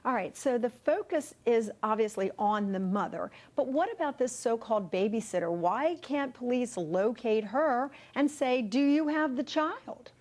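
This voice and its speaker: A woman's voice: fairly high pitch, animated, normal speed, few pauses, darkish tone. A woman hosting a talk show, asking guests probing questions.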